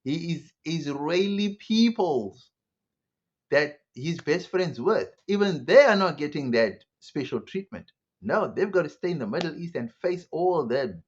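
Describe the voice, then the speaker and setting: A man's voice: a little high, highs cut off. A man giving a sarcastic opinion commentary monologue, full of rhetorical questions. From South Africa. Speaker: online commentator.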